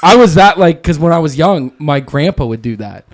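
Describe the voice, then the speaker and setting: A man's voice: a little high, lively intonation, normal speed, noisy background. A laid-back man in casual podcast chat, swearing as he tells a story.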